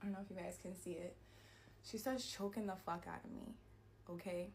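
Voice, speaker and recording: A woman telling a personal story to her viewers in a storytime vlog, animated and peppered with "like" and swearing. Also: on the low side, a little fast, creaky, slight background noise. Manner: animated retelling, heavy use of "like", frequent swearing. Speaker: vlogger.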